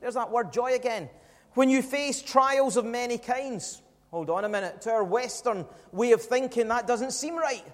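A man's voice: very high voice, normal speed. A man preaching a sermon in a church, emphatic and full of rhetorical questions to the congregation. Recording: long hall reverb.

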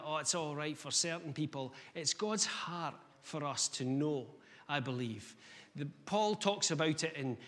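A man preaching a sermon, energetic and conversational, asking the listeners questions. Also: on the high side. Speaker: guest preacher. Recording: long reverb of a hall.

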